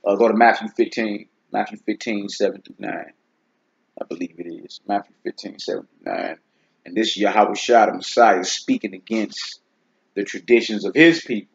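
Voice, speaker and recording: A man's voice: fairly low pitch, normal speed, gravelly, breathy edge. A man hosting a casual Bible teaching talk, speaking in a laid-back, conversational way and often checking "you see what I'm saying?". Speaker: host teaching scripture. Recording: dull lo-fi recording.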